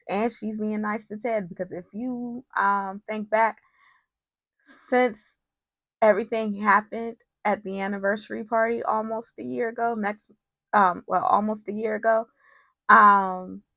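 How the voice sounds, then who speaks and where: A woman's voice: medium pitch, steady tone, measured pace, pushed and bright, no room sound. A woman casually recapping a soap opera, chatty and opinionated, with frequent digressions.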